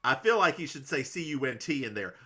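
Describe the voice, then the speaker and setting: A man's voice: mid-range voice, big pitch swings, fast, pushed and bright, slightly rough. A man from the American South co-hosting a casual recap podcast, snarky and laughing often, with stumbling restarts. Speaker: podcast co-host.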